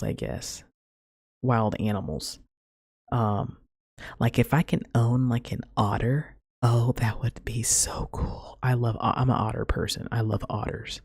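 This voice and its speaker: A woman's voice: very deep voice, darkish tone, husky, no room sound, studio quality. A woman hosting her own podcast, chatting in a rambling, casual way full of "like" and "man". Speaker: podcast host. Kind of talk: casual solo podcast chat.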